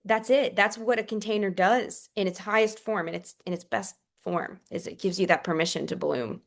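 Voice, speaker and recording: A woman's voice: medium pitch, moderate pace, creaky. A woman, a priestess and author, talking earnestly and effusively as a podcast guest. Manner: earnest and effusive, with soft whispered asides. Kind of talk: casual chat.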